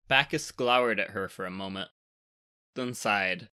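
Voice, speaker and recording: A man narrating a storybook tale in a lively, expressive reading. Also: on the low side, measured pace, clear, resonant tone.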